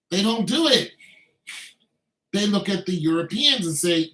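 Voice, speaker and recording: A man's voice: sits high, lively intonation, moderate pace, fairly bright tone. Loose-talking man in an echoey room. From Braddock, Pennsylvania. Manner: loose, conversational, heavy on filler phrases. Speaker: army veteran vlogger. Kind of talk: casual commentary monologue.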